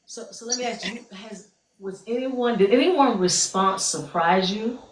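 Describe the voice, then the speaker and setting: A woman hosting a podcast, asking gentle, probing questions with a few restarts. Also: medium pitch, unhurried. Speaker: podcast host. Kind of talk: podcast interview. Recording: echoey, distant, noisy mic.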